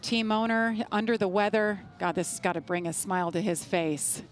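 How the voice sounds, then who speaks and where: A woman calling a race broadcast in an upbeat, brisk way. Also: mid-range voice, slight background noise. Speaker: play-by-play announcer.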